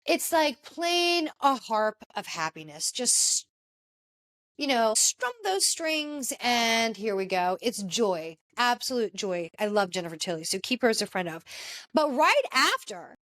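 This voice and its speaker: Chatty, high-voiced woman podcast host. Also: very animated, unhurried, fairly bright tone. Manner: chatty and gushing, with frequent fillers. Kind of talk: casual commentary on a reality TV reunion.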